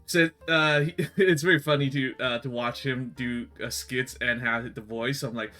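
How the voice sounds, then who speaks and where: A man's voice: mid-range voice, steady tone, normal speed, bright, forceful tone, soft background music. A man hosting a casual chat show in English, which is not his first language, laughing often between words. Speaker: show host.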